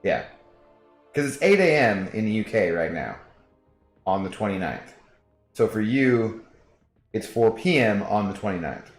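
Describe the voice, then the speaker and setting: A man's voice: lowish voice, very animated, measured pace, pauses often, echoey room, soft background music. A man streaming a video game, chatting casually and jokingly with viewers and reading their messages aloud.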